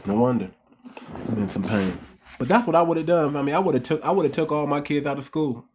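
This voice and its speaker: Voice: mid-range voice, quick pace, slight background noise. A channel host in a heated commentary monologue, repeating points and firing off rhetorical questions at the audience, whom the host keeps calling family. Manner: rhetorical questions, emphatic restarts.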